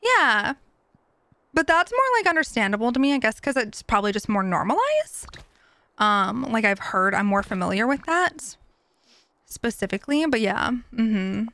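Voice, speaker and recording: Woman streamer, high-pitched, loose filler-filled chat, recorded dry at a home desk mic. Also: very animated, normal speed, dry recording. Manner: chatty, filler-heavy, warmly sympathetic to viewers. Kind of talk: casual live-stream chat.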